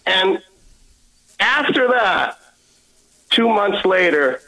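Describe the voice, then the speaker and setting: A man's voice: high voice, lively intonation, drawn-out words, pushed and bright, poor audio. A man giving an earnest personal testimony as a guest, acting out the dialogue as he tells it.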